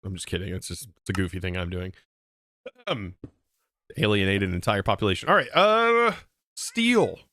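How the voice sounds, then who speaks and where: Animated man streaming gameplay. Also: fairly low pitch, normal speed, long pauses, a little hiss or hum. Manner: chatty, narrates his moves and talks to chat. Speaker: livestreamer. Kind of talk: live gameplay commentary.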